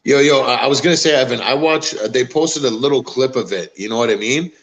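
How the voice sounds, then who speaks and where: A man's voice: mid-range voice, fast talker, fairly bright tone. Rambling man, casual swearing chat. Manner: rambling, swearing, lots of fillers. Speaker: podcast host.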